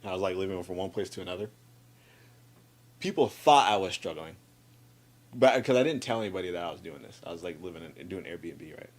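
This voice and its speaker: Man, lowish voice, casual chat, animated, repeats words, acts out friends' lines. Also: a little fast, pauses often.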